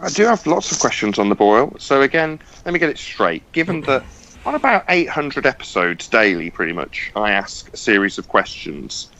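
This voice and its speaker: A man's voice: big pitch swings, moderate pace, bright, forceful tone. A man hosting a podcast, arguing angrily on a call, swearing and insisting he be heard. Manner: angry, sweary, insistent, swings in pitch. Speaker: podcast host. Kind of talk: heated argument on a call. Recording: dull lo-fi call audio.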